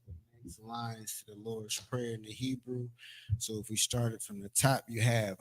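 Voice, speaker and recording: A man runs a language class in an unhurried, drawn-out delivery. His voice sits low, and his explanations come casually, with fillers and repeated words as he points things out on a board. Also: flat delivery. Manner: slow, drawn-out, loose and conversational with fillers. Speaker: Hebrew language teacher. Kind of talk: teaching from a board, casual lecture. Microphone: streaming setup.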